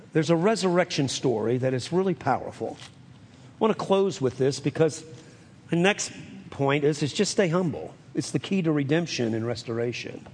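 A man's voice: on the high side, husky. A man preaching a sermon as pastor, acting out the lines of scripture with animation. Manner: animated, acts out scripture dialogue. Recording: long reverb of a hall.

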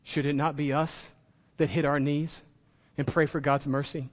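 A man's voice: on the high side, little pitch movement, normal speed, long reverb tail. A man preaching a sermon as pastor, impassioned and building to emphatic peaks.

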